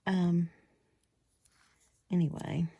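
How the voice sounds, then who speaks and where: A woman chatting casually in a crafting vlog while she makes cards, still getting over a cold. She rambles and often drops into soft, half-whispered asides. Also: lowish voice, little pitch movement, extremely slow, slightly rough, no echo, muffled recording. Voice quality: whiny-sounding. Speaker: crafting vlogger making cards.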